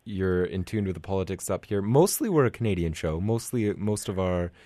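A man hosting a radio talk show, speaking in a halting, stammering way. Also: sits low, animated, dark tone, dry recording. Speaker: radio host.

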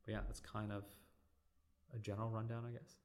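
A young man with a very low, level voice walks through his surgical specialty in a loose, conversational way. He leans on fillers as he explains, unhurried and plain. It sounds like a resident talking shop in an interview. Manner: relaxed, filler-heavy explaining. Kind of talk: casual explanatory interview talk.

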